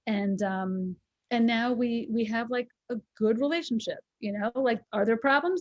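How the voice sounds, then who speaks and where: A woman's voice: medium pitch, normal speed, a little mellow, dry recording, dull audio. A woman in her forties, co-hosting a casual chat and telling a personal story in a candid, emotional way. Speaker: co-host.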